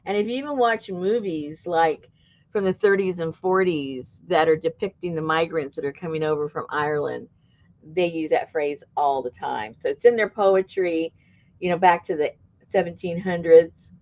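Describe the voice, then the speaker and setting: A woman's voice: low voice, moderate pace, highs cut off. A woman hosting a craft video, chatting casually and laughing often as she talks. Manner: laughs often, animated and talkative. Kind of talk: casual chat while crafting.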